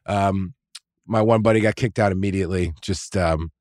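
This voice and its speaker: A man's voice: low-pitched, fairly even intonation, moderate pace, darkish tone, no echo, clean studio sound. A man casually telling a long, profane story, full of fillers and restarts. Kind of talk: casual chat.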